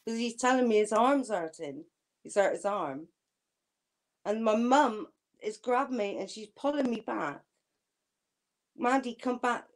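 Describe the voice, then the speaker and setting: A woman's voice: mid-range voice, lively intonation, a little slow. Candid woman telling a story. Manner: candid storytelling with frequent laughs. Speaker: guest. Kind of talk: casual chat.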